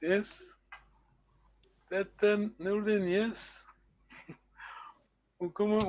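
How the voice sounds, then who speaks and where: A man's voice: high voice, unhurried, no room sound, lo-fi sound. A man teaching a language class online, encouraging students and repeating words often.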